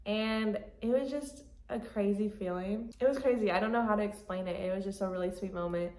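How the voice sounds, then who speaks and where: A young woman tells her story in a loose, chatty vlog style, sprinkling "like" through her sentences and laughing as she talks. Her voice sits at an ordinary middle pitch for a woman. The room gives it a noticeable echo. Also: fairly quick, a little mellow. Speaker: vlogger. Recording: echoey room.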